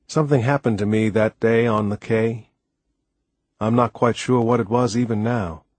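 A man reading a first-person story aloud as an audiobook narrator, measured and deliberate. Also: fairly low pitch, a little mellow, breathy edge, no echo.

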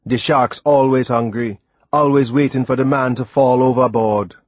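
Old sailor, earnest lilting talk, dead dry sound, a reader putting him on. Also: male voice, mid-range voice, steady tone, normal speed, darkish tone, dry recording, lightly acted. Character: old West Indian sailor, calm, devoted.

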